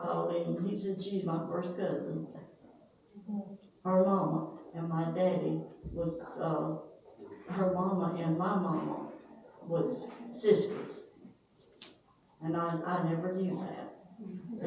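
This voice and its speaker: A woman's voice: on the low side, gravelly, darkish tone. An older woman telling family stories in a rambling way, stopping to search for names. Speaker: family storyteller. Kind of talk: casual family reminiscing. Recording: roomy echo, distant mic, faint hiss.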